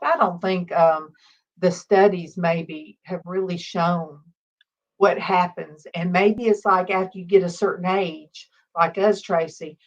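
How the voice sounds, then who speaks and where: Chatty woman hosting, lo-fi sound. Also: on the low side. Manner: chatty storyteller, acts out voices loudly. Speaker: host. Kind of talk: casual chat. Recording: dull lo-fi sound.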